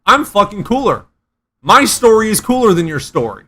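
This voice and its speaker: A man's voice: sits high, very animated, moderate pace, sharp tone. A man hosting a casual debate chat, ranting and swearing freely. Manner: profane, ranting. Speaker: streamer host.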